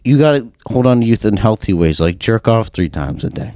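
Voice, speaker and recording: A man's voice: lowish voice, expressive, fairly quick, mellow, dry recording, clean studio sound. A young man co-hosting a podcast in casual chat, teasing his partner with crude, blunt jokes. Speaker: podcast co-host.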